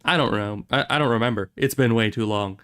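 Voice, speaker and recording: A man's voice: medium pitch, fairly quick, fairly bright tone, smooth. A young man streaming a game, giving rambling, chatty commentary. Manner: rambling, self-correcting, chatty. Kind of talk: casual gameplay commentary.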